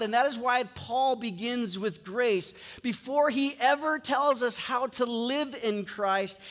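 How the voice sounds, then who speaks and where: High-voiced male pastor, echoing hall. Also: a bit bright. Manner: conversational storytelling, acting out dialogue. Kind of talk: sermon. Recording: long reverb from a large hall.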